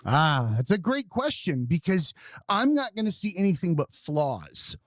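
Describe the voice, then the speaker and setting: A man's voice: fairly high pitch, sing-song, a little slow, no echo. Candid male podcast host, dry close sound. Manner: candid, swears casually, repeats words while thinking. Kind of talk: casual conversation.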